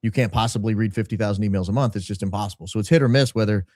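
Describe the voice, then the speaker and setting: A man telling his story as a podcast guest, talkative and emphatic, with brisk asides. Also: on the low side, a little mellow, no echo, studio quality. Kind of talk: casual interview storytelling.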